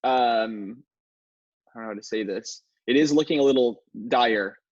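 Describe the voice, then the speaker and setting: A man co-hosting a livestream Q&A, speaking in a halting, hesitant way. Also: mid-range voice, no echo, highs cut off. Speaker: co-host. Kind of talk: livestream Q&A chat.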